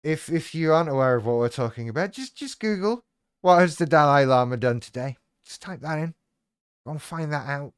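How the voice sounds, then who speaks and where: A man's voice: on the high side, animated, brisk, clean tone, dry recording, studio quality. A man hosting a live stream, chatting casually in a rambling, irreverent, sweary way and reacting to viewers' comments.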